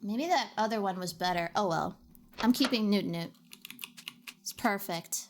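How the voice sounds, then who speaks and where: A woman's voice: mid-range voice, measured pace, background noise. A young woman streaming a game in casual chat, giggly and chatty, often restarting her sentences. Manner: giggly, chatty, self-interrupting.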